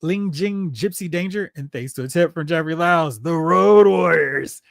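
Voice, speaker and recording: A chatty, excitable man hosts a live stream and reads viewer comments aloud. His voice sits fairly high. The sound is dry and close, with no room around it. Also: moderate pace, gravelly, no echo. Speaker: host of a toy collecting show. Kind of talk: casual live-stream chat reading comments.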